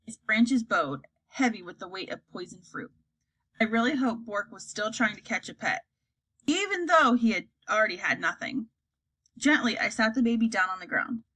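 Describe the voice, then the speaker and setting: A woman reading a children's fantasy story aloud, acting out the characters in a lively way. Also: mid-range voice, moderate pace, rough recording. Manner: acts out characters, lively delivery. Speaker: audiobook reader.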